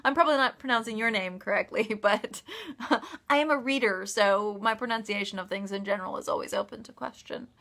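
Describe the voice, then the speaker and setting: A woman's voice: mid-range voice, fairly quick, a bit bright. A woman author chatting casually on a live stream, answering viewer questions with frequent laughs, ums and restarts. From United States. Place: office.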